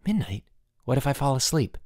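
A man's voice: mid-range voice, very animated, fairly quick, darkish tone, dry recording, studio quality, pitched above the performer's own voice, lightly acted. A man voicing a timid schoolboy sidekick who sounds anxious and hesitant. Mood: worried.

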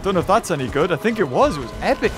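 A man giving excitable let's-play commentary, chatting to enemies with yelps and laughs. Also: high voice, rapid-fire. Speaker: gameplay commentator. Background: game music.

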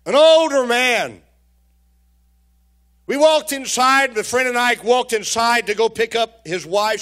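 High bright-voiced preacher man. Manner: folksy storytelling with jokes to the congregation, repeats words. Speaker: pastor. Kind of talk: sermon. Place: church sanctuary.

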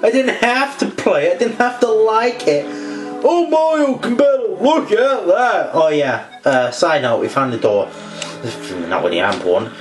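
A man jokes and rambles through casual game commentary. His pitch swoops up and down constantly. The room sounds echoey, with game music under his voice. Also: unhurried. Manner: joking, rambling, animated. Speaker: gameplay commentator.

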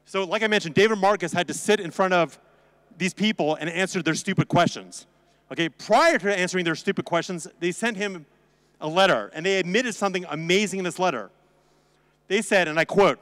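An American man gives a conference talk in a sarcastic, joking, conversational manner. His voice sits high, bright and expressive, and he talks briskly, with a long hall reverb on the recording.

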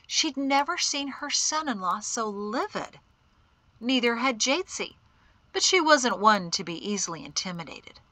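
Bright-voiced woman narrating an audiobook. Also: fairly high pitch, unhurried, no room sound. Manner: expressive, voicing characters. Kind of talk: scripted narration.

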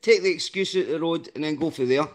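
A man talks to a live-stream panel and tries to broker an agreement. His voice sits high, and he tags his points with "right?" and "mate". He sounds persuasive rather than angry. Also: quick pace. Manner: persuasive, peacemaking, frequent "right?". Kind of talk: casual live-stream discussion.

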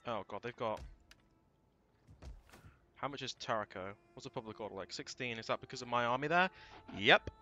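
A man thinking aloud through a strategy game, casual and prone to swearing and sudden shouts. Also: mid-range voice, moderate pace, long pauses, dull audio, faint music behind. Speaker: let's play gamer. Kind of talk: casual gameplay commentary.

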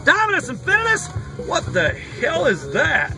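Excitable, foul-mouthed card vlogger, man, bouncy and animated delivery, in a car. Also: very high voice, moderate pace. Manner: excitable, profane, hollering. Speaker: sports card collector opening mail. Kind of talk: casual card-opening vlog. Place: inside a car. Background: rock music playing faintly.

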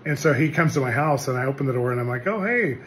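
A middle-aged male pastor telling a personal testimony in an earnest, animated storytelling way. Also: mid-range voice, very fast, slight background noise. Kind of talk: testimony sermon.

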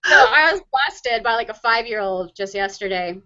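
A woman hosting a live online show, chatting casually and rushing through announcements. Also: on the high side, animated, pushed and bright. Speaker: host. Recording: dull lo-fi sound.

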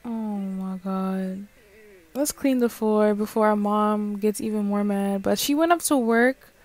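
A woman's voice: medium pitch, normal speed, darkish tone. A young woman hosting a gaming channel, chatting casually and reacting as she plays a life-sim game, swearing now and then. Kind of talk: casual let's play commentary.

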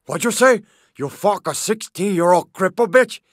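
An actor playing a hot-tempered gangster who barks threats in mixed English and Spanish. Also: male voice, high voice, animated, normal speed, fairly bright tone, dry recording, clean studio sound. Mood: menacing.

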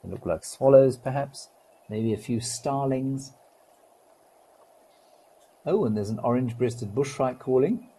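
A man hosting a live wildlife stream, talking in a relaxed, gently wry way and greeting viewers. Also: mid-range voice, unhurried, long pauses, noisy background.

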